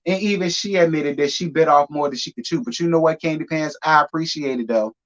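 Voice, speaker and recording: A reality TV recap host with a fairly bright, high-leaning voice talks fast while running a live review of a show. His delivery is sassy and emphatic, and he repeats lines for effect. The audio is muffled and lo-fi.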